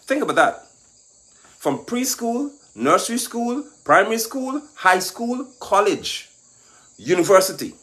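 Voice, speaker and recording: This political commentator speaks in a high, very lively voice at a slightly slow pace, scolding and mocking as he lectures and climbs into shouts. Faint insects can be heard in the background of his monologue.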